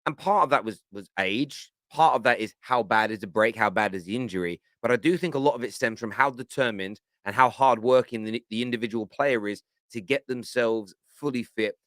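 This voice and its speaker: Animated man hosting football reactions. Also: mid-range voice, brisk, few pauses, dry recording. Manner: animated, exasperated, laughs often. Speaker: football fan channel host. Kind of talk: reaction commentary on radio clips.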